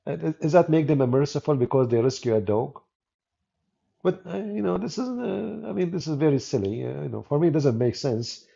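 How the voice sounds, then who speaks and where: A man's voice: fairly high pitch, big pitch swings, fairly quick, gravelly, warm tone. A man with an Arabic accent, a native Arabic speaker, giving mocking, sarcastic live-stream commentary as a debater and channel host. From Arab world. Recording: dull lo-fi audio.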